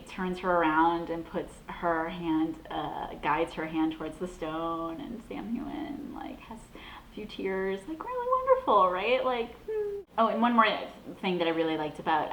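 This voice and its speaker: Woman host from the Boston area, young adult, casual chat, chatty and gushing, slightly low voice, echoey room. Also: slight background noise. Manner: chatty, gushing, animated with laughs. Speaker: vlog host.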